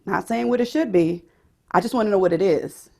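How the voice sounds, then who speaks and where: A woman's voice: mid-range voice, fairly quick, vocal fry, a little mellow. Woman teaching singing, demonstrating voices. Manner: explanatory, demonstrates voices as she talks. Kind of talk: teaching a vocal pedagogy workshop.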